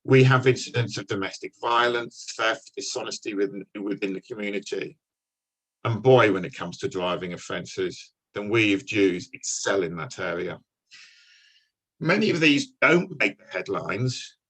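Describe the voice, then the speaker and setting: An older man, a guest speaker telling wry, deadpan stories from his police career to an audience. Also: lowish voice, moderate pace, breathy edge, rough recording. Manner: dry, wry storytelling with deadpan punchlines. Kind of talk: anecdotal talk to an audience.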